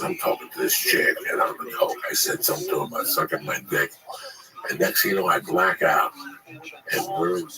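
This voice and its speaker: Gravelly man telling crude stories. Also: very deep voice, low-quality recording. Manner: crude, animated, acts out the people in his stories. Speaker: comedian. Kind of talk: casual storytelling chat.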